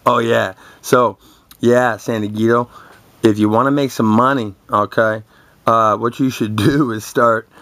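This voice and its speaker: A man's voice: medium pitch, a bit bright, no echo. A young man telling crude, boastful stories in a rambling, confrontational rant full of swearing. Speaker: vlogger. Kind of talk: profane rambling monologue to camera.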